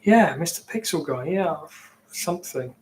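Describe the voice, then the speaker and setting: A man's voice: on the high side, lively intonation, unhurried, darkish tone, a little hiss or hum. A man from England with an English accent, rambling casually as he chats with viewers on his livestream. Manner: rambling, chatty, reacting to viewers. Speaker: livestream host.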